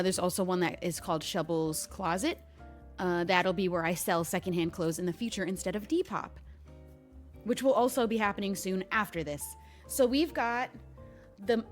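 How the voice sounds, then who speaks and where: A young woman chatting casually on a livestream, bubbly and thanking viewers by name. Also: mid-range voice. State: hiccuping. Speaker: streamer.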